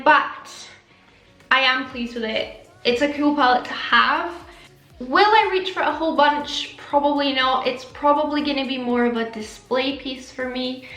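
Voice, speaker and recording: A woman's voice: sits high, pushed and bright, echoey room. A young Scottish woman, a beauty vlogger, chatting casually to camera with a slight lisp. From Scotland.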